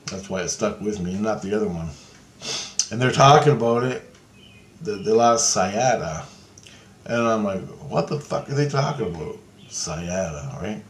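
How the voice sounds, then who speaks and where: Rambling, swearing man in a roomy space. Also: fairly low pitch. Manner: rambling, profane, full of fillers. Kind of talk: casual retelling of a dream. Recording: roomy echo.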